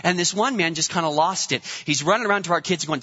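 A man preaches with emphatic drive, coming back again and again to rhetorical questions. His voice sits high and sounds bright and forceful. The recording is dull and lo-fi, with a long hall reverb behind him. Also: quick pace. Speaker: pastor. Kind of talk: sermon.

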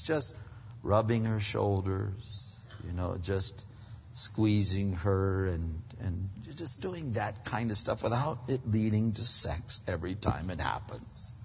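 Husky-voiced man preaching in a hall. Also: medium pitch. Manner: conversational preaching, animated, acts out husband dialogue. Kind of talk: sermon. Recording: muffled, reverberant hall.

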